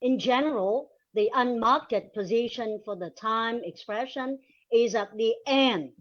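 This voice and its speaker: A woman whose first language is Vietnamese, presenting a linguistics webinar in slow, deliberate reading with pauses. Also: on the high side. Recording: dull lo-fi recording.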